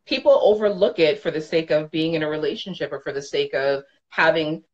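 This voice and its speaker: A woman's voice: sits low, brisk, highs cut off. A woman in her thirties co-hosting a podcast, talking frankly and emphatically, swearing freely in casual chat. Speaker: podcast co-host.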